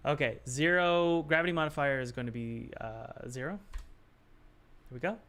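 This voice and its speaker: A man's voice: on the high side, moderate pace, noisy background. A man who develops games, thinking aloud to himself as he works, puzzled and muttering with sighs. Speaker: game developer. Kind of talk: thinking aloud while working.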